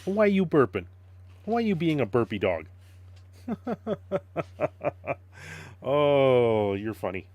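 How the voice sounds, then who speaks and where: A man's voice: mid-range voice, very animated, takes it slowly, pauses often, darkish tone, no echo. A man casually chatting on a live stream, greeting viewers and playing with his dog, laughing often. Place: home.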